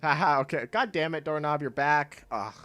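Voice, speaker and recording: A man streaming a game, chatting casually with his viewers in a laid-back, rambling way and laughing often, with soft music playing behind him. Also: on the high side, normal speed. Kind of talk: casual chat while gaming. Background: soft chill music.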